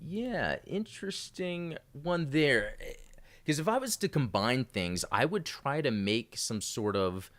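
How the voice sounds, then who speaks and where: A man's voice: fairly low pitch, fairly bright tone. A man hosting a casual live-streamed podcast, rambling with many fillers and restarts. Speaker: podcast host.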